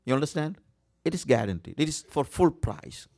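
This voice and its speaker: Male preacher, slightly high voice, earnest sermon, dry close sound. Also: sing-song, brisk, darkish tone, no room sound. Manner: earnest, repeats key words for emphasis, frequent uh fillers.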